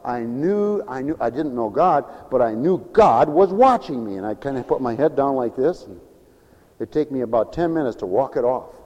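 A man preaching a sermon, dramatic and given to mimicking others and shouting for emphasis. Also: mid-range voice, expressive, moderate pace, long reverb tail, dull audio. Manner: dramatic, acts out other people's voices.

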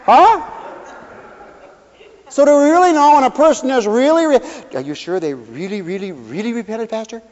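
A man preaching as a pastor, folksy and animated, acting out little voices as he talks. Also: very high voice, normal speed. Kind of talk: sermon. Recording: dull hall recording with long reverb.

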